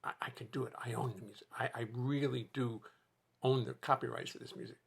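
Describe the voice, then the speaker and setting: A man's voice: mid-range voice, steady tone, brisk, creaky, husky. A man hosting a casual live stream from his home music studio, rambling and joking with viewers. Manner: rambling, chatty, jokes to viewers. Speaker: host and musician.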